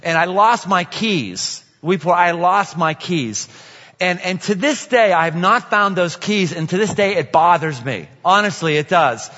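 A male pastor with a bright, fairly high voice, preaching in a relaxed, storytelling way and circling back on his key phrases. The sound is dull and lo-fi, with a long echo from a large hall. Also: measured pace. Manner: conversational storytelling with repeated phrases. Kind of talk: sermon.

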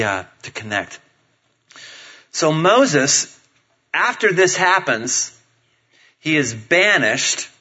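Middle-aged guy preaching, bright ringing voice, kinda high, acts out family bits, muffled lo-fi sound. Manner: animated storytelling, acts out voices of family members. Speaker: pastor. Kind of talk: sermon. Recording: dull lo-fi sound.

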